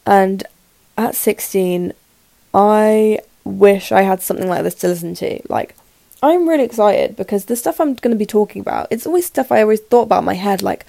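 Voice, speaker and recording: An eighteen-year-old woman with a sore throat, rambling nervously and quickly in a casual solo podcast chat, with lots of fillers. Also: medium pitch, gravelly, dark tone, no echo. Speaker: podcast host. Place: her room in the evening.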